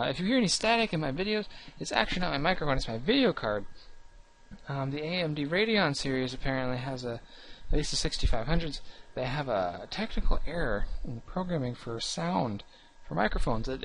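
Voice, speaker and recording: A young man with a slightly high voice, talking casually about his gaming channel. He rambles, restarts often and puts himself down. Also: lively intonation, fairly quick, a bit bright, a little hiss or hum. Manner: rambling, restarts often, earnest and self-deprecating.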